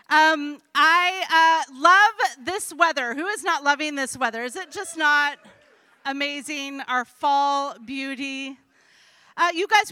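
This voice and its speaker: A high, bright-toned woman leads a Bible study, talking earnestly and emotionally to the group. Her delivery is conversational, with fillers and restarts, and the close mic sounds dry. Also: no room sound. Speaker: women's Bible study leader. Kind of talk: heartfelt teaching talk to a group.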